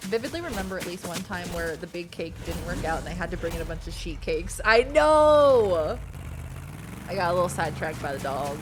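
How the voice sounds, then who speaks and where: Rambling, excitable woman streamer. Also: on the low side, a little fast, noisy background. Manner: rambling, animated, excitable outbursts. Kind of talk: casual gaming stream chat.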